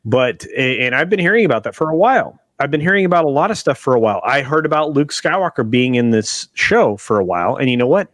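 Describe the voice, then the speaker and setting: A man's voice: mid-range voice, very animated, quick pace, few pauses, fairly bright tone, dry recording. A man hosting a casual livestream chat over a video call, talking emphatically with restarts and insistent asides. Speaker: show host. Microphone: video call webcam.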